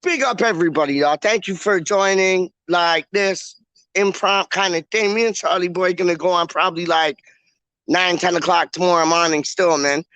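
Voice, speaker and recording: A man's voice: high voice, moderate pace, a bit bright, clear, resonant tone, dry recording. A man hosting a casual livestream, rambling in slang with lots of "like" and restarts. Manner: slangy, rambling, heavy use of "like". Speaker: livestream host. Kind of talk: casual live chat.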